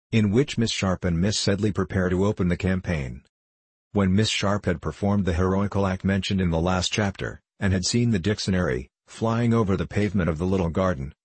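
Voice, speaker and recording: A man narrating a classic novel as an audiobook in a measured, even reading. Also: low voice, breathy edge, dry recording.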